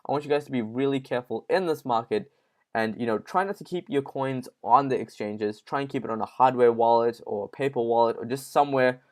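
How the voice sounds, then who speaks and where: A man's voice: medium pitch, fairly quick. A man hosts a casual online news show in a middle-range voice. He talks informally and chats straight to his viewers. His speech is loose and full of fillers. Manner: informal, addresses viewers as guys, many fillers. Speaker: crypto news host.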